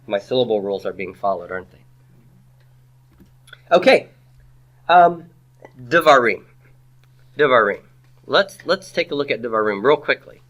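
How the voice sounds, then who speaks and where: A man's voice: mid-range voice, animated, moderate pace, pauses often, fairly bright tone, lo-fi sound. A man teaching a classroom grammar lecture, quizzing his students with rhetorical questions and dropping playful asides.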